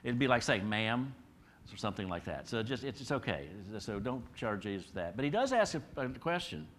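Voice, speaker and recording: A middle-aged man preaching an expository sermon as a pastor. He talks to the listeners in a conversational way, asks them rhetorical questions, and swings between emphatic rises and quiet drops. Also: medium pitch, big pitch swings, a little fast, slight background noise.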